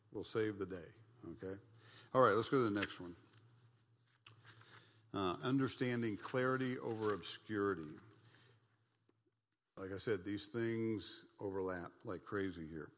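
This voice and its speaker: With a lowish voice trailed by long reverb, a middle-aged man leads a Bible study class, folksy and animated, chatting along with quick asides and playful mock voices.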